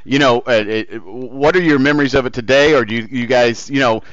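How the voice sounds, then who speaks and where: Man hosting an interview, halting and rephrasing his questions, mid-pitched, dry lo-fi sound. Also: a bit bright, no echo. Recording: dry, dull lo-fi audio.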